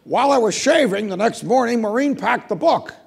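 A man voicing a blunt, impatient older male judge in a loud, exasperated tone. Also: extremely high pitch, animated, a little fast, vocal fry, a little hiss or hum, voice pushed up, exaggerated voice.

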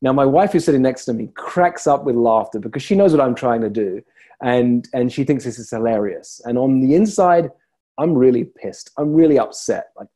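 A man who works as a leadership coach, giving a reflective motivational talk and telling stories with deliberate pauses. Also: medium pitch, animated, mellow.

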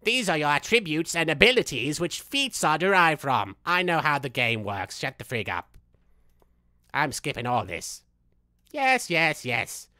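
Vain manic villain guy played by a man, super bragging, voice bouncing everywhere, bright and bratty. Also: fairly high pitch, dry recording, studio quality. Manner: boastful, theatrical, wildly swinging delivery, laughs at himself. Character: vain, unhinged young male villain, boastful and manic. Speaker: live streamer in character. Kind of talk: in-character gameplay commentary.

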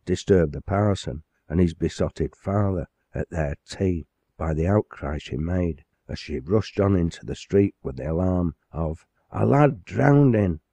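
Low mellow guy reading an old novel aloud, dry close sound. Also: no room sound. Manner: measured dramatic storytelling. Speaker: audiobook narrator. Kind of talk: scripted narration of a classic novel.

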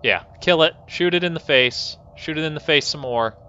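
A man's voice: fairly high pitch, moderate pace, bright, forceful tone, smooth, lo-fi sound. A man streaming a colony-building game, commenting live and scolding his characters in exasperated outbursts. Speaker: gaming host.

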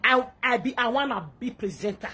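A woman's voice: fairly high pitch, expressive, a little fast, bright, forceful tone, husky. A woman with a Nigerian accent in a played clip, talking in a rambling, hesitant way. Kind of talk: confessional clip.

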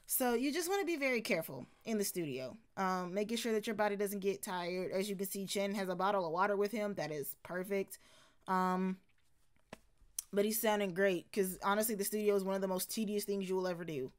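A woman's voice: mid-range voice, a little fast. A woman vocal coach giving casual reaction commentary. She sounds tired and yawns, and talks in a loose, chatty way full of fillers and restarts. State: tired and yawning.

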